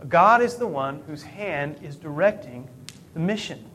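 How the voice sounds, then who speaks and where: A middle-aged pastor delivers a sermon with a notably high voice for a man. He keeps it conversational, pausing on rhetorical questions and restarting phrases as he goes. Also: animated, fairly bright tone, a little hiss or hum. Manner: conversational preaching, rhetorical questions, self-corrections.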